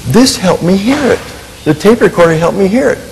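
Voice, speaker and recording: A man telling a personal story in a sermon, animated and poking fun at himself, acting out what people said. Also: sits high, a little fast, gravelly, long reverb tail, slight background noise, rough recording. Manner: animated, self-mocking humor, acts out quotes. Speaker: Christian minister and family counselor.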